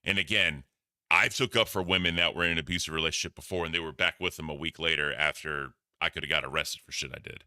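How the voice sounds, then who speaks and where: A man's voice: extremely low pitch, fairly even intonation, fast talker, pushed and bright, clean tone, no room sound, studio quality. A man hosting a casual stream, commenting on clips in a blunt, rambling, profane way. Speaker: host.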